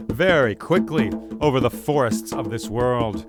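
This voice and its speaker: A male storyteller tells a folktale in a vivid, rhythmic, dramatic way, with a middle-pitched voice. Drums and music play clearly behind him throughout. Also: a little slow. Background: drum music.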